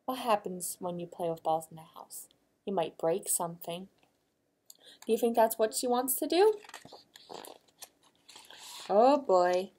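A woman librarian reading a picture book aloud to young children, gently asking them questions. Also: medium pitch, lively intonation, normal speed.

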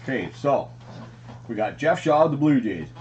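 A man's voice: mid-range voice, moderate pace, muffled recording, slight background noise. Man gushing over a card break. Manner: excited, says "frickin' sick". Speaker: card collecting channel host. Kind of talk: casual card unboxing chat.

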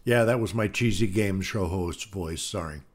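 A man's voice: sits low, moderate pace. A man co-hosting a casual live stream, chatting in an easygoing, drawling way. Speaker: co-host.

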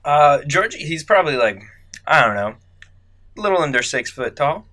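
Bright-voiced rambling man. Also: medium pitch, very animated, moderate pace. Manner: rambling with many fillers. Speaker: guest player. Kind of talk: casual game chat.

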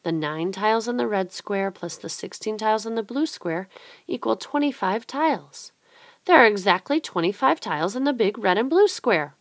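A woman's voice: medium pitch, moderate pace, no room sound, close to an everyday voice. Woman doing a curious eager young boy. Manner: excited, wondering.

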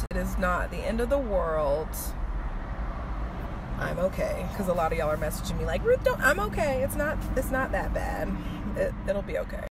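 A woman vlogs into her phone, chatty and freewheeling, her voice swinging up and down with animated energy. Street noise and traffic sit clearly behind her outdoors. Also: mid-range voice. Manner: animated, chatty, swears freely. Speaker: vlogger. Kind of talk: casual phone vlog.

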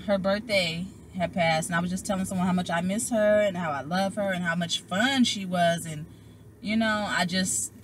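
A young woman, a tarot reader, casually telling viewers a personal story, animated and emotional, and calling them y'all. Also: medium pitch, a little hiss or hum.

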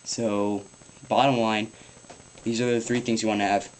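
A teenage boy giving casual advice in a rambling home vlog, swearing offhandedly and filling pauses with ums. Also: fairly low pitch, little pitch movement, a little hiss or hum, low-quality recording. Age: teens. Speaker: vlogger.

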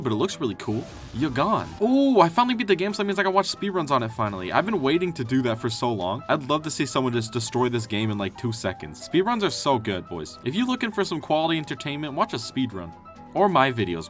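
A young man giving excitable, jokey gameplay commentary and trash-talking enemies as he plays. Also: mid-range voice, fast. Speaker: gaming youtuber. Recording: faint game music behind.

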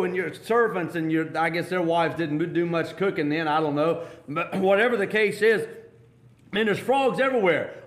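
Male pastor, high voice, emphatic sermon delivery with sudden drops, echoey sanctuary sound. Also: normal speed. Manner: emphatic, swings between loud high bursts and low drops.

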